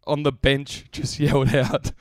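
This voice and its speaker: A man's voice: mid-range voice, measured pace, no echo, studio quality. An Australian man in his twenties co-hosting a podcast, telling sports stories in casual chat with lots of laughter. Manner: animated storytelling with laughter. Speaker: podcast co-host.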